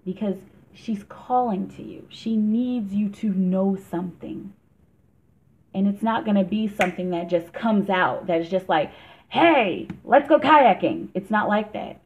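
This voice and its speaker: A woman giving a casual tarot reading for a vlog, chatty and emphatic, laughing often. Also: mid-range voice. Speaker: tarot reader. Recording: tinny phone-like sound.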